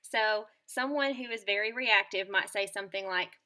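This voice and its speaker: A woman teacher presenting a scripted lesson to children in a clear, upbeat and encouraging tone. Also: mid-range voice, normal speed, hardly any pauses, sharp tone. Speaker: teacher presenting a school morning show lesson.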